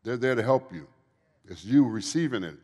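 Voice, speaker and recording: Animated and slightly mellow, this mid-range male voice keeps a moderate pace as a guest speaker in recovery gives earnest, preachy testimony at a church Q&A, repeating phrases often. It's recorded in a church event hall with the long reverb of a large hall.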